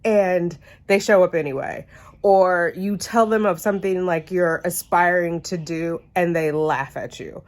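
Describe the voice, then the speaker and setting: A woman's voice: on the low side, a little slow. A woman vlogger talking casually to camera about relationships, a bit congested, chatty and rambling with asides and self-corrections. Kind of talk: casual advice chat to camera. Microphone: phone camera.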